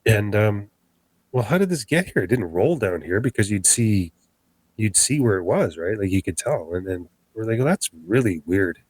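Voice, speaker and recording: A man's voice: fairly low pitch, moderate pace, breathy edge, dry recording, rough recording. A man telling a tense story of his own encounter as a podcast guest, acting out the voices of what was said. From Canada. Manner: animated, acts out quoted dialogue.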